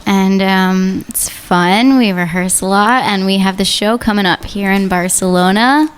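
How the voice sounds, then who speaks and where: A woman guesting on a comedy radio show, playful and flirty, quick to laugh. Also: medium pitch, clear, resonant tone. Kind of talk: casual comedy radio chat. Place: radio studio.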